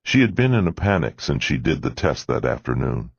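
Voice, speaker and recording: A man narrating an audiobook in a measured, expressive reading. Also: rumbling low, creaky, husky, no echo. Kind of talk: scripted narration. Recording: dull lo-fi dry recording.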